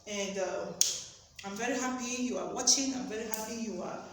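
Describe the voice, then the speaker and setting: A woman teaching a French lesson who explains each phrase slowly and repeats it in two languages. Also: on the high side, heavy reverb, distant mic, noisy background. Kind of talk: recorded classroom lesson.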